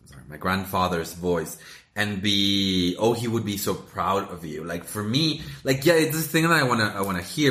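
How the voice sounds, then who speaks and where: A man in casual chat, rambling with many halting restarts. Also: lowish voice, pushed and bright. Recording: echoey room.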